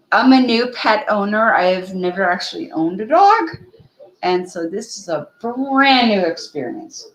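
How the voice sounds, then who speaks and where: A woman's voice: mid-range voice, animated, slow pace, pauses often, reverberant, poor audio. A woman chatting casually on a livestream at home, talking through earbuds, laughing and scolding a playful puppy. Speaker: livestream co-host.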